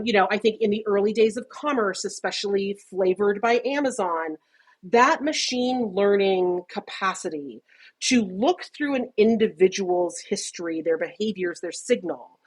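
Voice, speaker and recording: Husky-voiced, chatty woman analyst. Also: medium pitch. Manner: chatty and animated, laughs often mid-sentence. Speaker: CX industry analyst, guest. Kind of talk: casual interview conversation.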